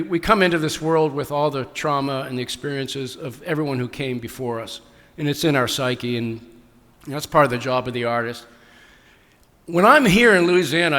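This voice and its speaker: A man's voice: mid-range voice, fairly bright tone, long reverb tail. A man, answering an audience's questions in casual, rambling talk with many restarts. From New England. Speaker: author at book festival Q&A. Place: large hall.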